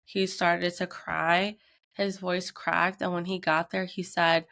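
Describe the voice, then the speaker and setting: This woman's voice is lowish and creaky, and she takes her time. She's a podcast co-host in her thirties, casually chatting through a tense family story and bringing it to life by acting out the quotes.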